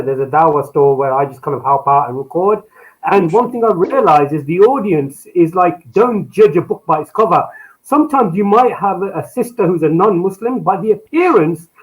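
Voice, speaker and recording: Young male guest, earnest and informal, high voice. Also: rough recording. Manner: earnest, informal, uses filler like. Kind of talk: casual podcast chat.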